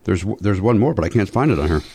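A man hosting a casual podcast chat, animated and exclaiming, swearing in mock outrage. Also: sits low, fast talker, breathy edge. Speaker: podcast host.

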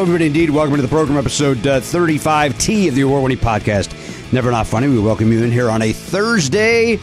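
A middle-aged man hosting a comedy podcast, rambling and joking with many fillers in casual banter. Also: a little high. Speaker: podcast host. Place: podcast studio.

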